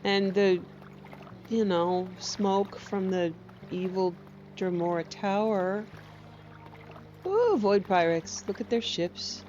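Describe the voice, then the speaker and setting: A woman's voice: medium pitch, lively intonation, slow pace, long pauses, a little mellow, highs cut off, slight background noise. A woman giving playful, casual gameplay commentary, cooing at her companion in baby talk and cracking jokes at her own expense. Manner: jokey, teasing, self-mocking asides. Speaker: gameplay streamer.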